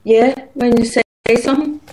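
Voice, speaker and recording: A woman's voice: a little high, fairly even intonation, normal speed, a crowd in the background, rough recording. A woman with a Northern Irish accent calling in to a show, blunt, joking and swearing casually. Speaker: caller. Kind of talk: casual call-in chat.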